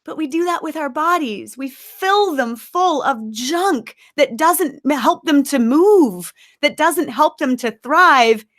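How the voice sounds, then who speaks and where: A woman giving an encouraging, emphatic webinar talk as a nutrition coach, at times guiding a slow breathing exercise. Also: sits high, expressive, a bit bright.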